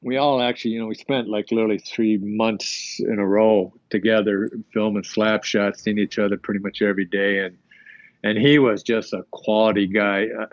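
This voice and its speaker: A man's voice: lowish voice, steady tone, moderate pace, dry recording, muffled recording. An older man, a former hockey player, casually telling stories as a podcast guest and acting out quoted dialogue. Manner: rambling anecdotes with quoted dialogue. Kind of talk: casual storytelling.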